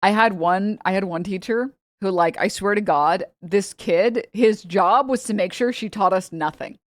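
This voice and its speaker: A young woman streamer giving casual, joking reaction commentary, chatty and quick to laugh. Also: medium pitch, no room sound, studio quality.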